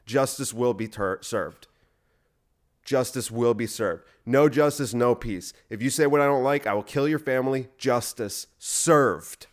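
A man's voice: medium pitch, moderate pace, close to an everyday voice. A man putting on a mocking voice of a self-righteous male activist, with sarcastic mock solemnity.

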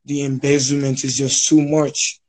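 A young man from Nigeria with a Nigerian accent, chatting casually on a podcast, often pausing and restarting his sentences. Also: medium pitch, little pitch movement, a little mellow. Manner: hesitant, many restarts and fillers. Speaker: podcast guest. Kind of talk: casual chat.

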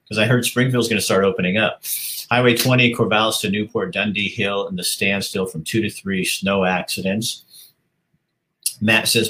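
A man's voice: low voice, bright, forceful tone. A man casually hosting a livestream, reading viewer comments aloud, chatting and laughing often. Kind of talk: casual live-stream chat.

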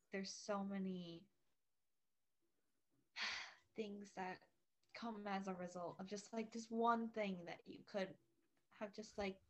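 A young woman guesting on a casual podcast, speaking earnestly and hesitantly with many fillers. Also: mid-range voice.

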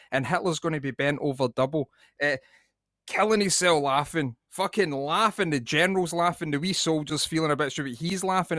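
Rambling, sweary co-host. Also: male voice, fairly high pitch, fairly bright tone, no room sound, studio quality. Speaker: podcast co-host. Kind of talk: casual podcast chat.

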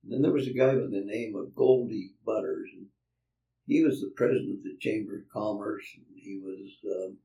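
A man's voice: lowish voice, moderate pace, vocal fry, warm tone. An older man, a land developer being interviewed, tells folksy anecdotes and chuckles as he acts out the people in them. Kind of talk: anecdotal storytelling. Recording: roomy, distant from mic.

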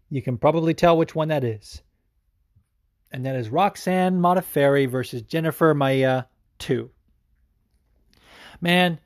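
A man hosting a podcast, talking casually in a rambling, excitable way with plenty of fillers and swearing. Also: mid-range voice, dry recording, studio quality. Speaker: podcast host. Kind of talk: casual chat.

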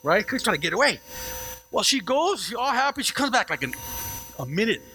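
A man preaching a sermon as pastor, animated, calling on the congregation to repeat after him, with playful asides and repeated words. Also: sits high, brisk, slight background noise, poor audio.

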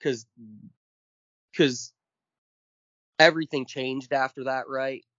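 A man's voice: medium pitch, fairly even intonation, slow pace, sharp tone, no room sound. A man co-hosting a podcast, ranting casually and emphatically with lots of swearing, counting off his points one by one. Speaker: podcast co-host. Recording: dull lo-fi dry sound.

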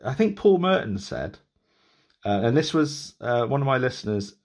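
A man's voice: medium pitch, very animated, moderate pace. A man in his thirties hosting a podcast, chatting loosely with many restarts and laughs. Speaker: podcast host. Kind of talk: casual interview chat.

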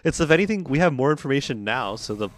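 A man's voice: medium pitch, animated, quick pace, slight background noise. A man co-hosting a casual podcast, rambling and laughing often as he chats with friends. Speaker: podcast co-host. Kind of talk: casual banter.

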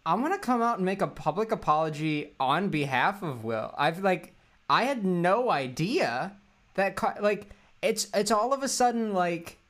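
A man's voice: high voice, expressive, moderate pace, fairly bright tone. A young man co-hosting a casual comedy podcast, rambling through playful bits and puns. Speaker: podcast co-host.

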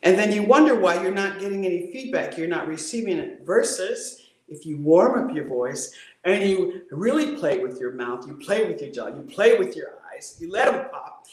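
A woman voice coach on a video call, talking in a playful, animated way and acting out voices. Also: normal speed, reverberant. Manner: playful, acts out voices, swings pitch widely. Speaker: voice coach guest.

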